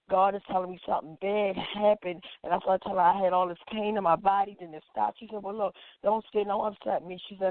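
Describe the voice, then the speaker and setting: An activist guest, a woman with a mid-range voice, recounts something personal and emotional, voicing the lines of dialogue herself. The audio is dry and echo-free, coming through a tinny, phone-like line.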